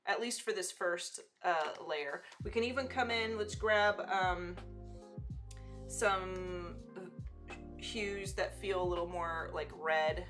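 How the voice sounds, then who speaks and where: A woman's voice: lowish voice, takes it slowly, over music. A woman hosting a casual live digital-painting demo, chatty and self-teasing, with frequent fillers and asides. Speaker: digital artist and livestream host.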